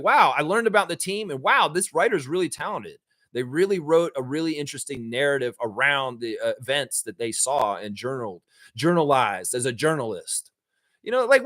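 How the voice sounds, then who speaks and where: A fired-up man hosting a live basketball show, ranting and cursing as he goes. His fairly high voice swings wildly up and down, and the sound is dry and close. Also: no room sound. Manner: animated and swearing, jumping up high for emphasis; mocks people with put-on quoted voices. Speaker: sports show host. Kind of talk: profane ranting commentary.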